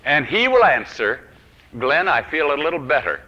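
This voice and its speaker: A man preaching a sermon, telling a personal story and swinging from loud declarations to hushed whispers. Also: fairly high pitch, big pitch swings, normal speed. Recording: dull lo-fi old recording.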